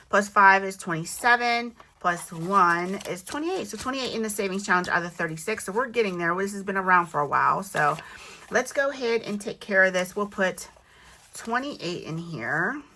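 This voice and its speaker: Bright-voiced chatty woman counting cash. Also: mid-range voice, expressive, normal speed, a little hiss or hum. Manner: chatty, counts money aloud, self-teasing. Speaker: budgeting vlogger. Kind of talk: casual chat while counting cash.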